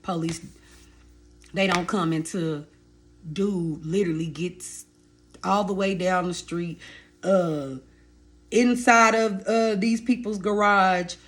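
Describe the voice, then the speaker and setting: Woman in her thirties, storytelling vlog, animated and direct with her viewers. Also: lowish voice, slow pace. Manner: animated, addresses viewers as y'all and baby. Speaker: vlogger telling her life story.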